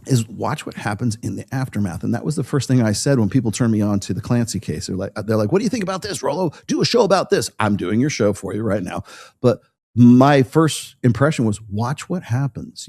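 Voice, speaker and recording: A man's voice: fairly low pitch, gravelly, dark tone, breathy edge, dry recording. A man hosting a podcast in casual chat, blunt and profane, often tagging his points with "right?". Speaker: podcast host.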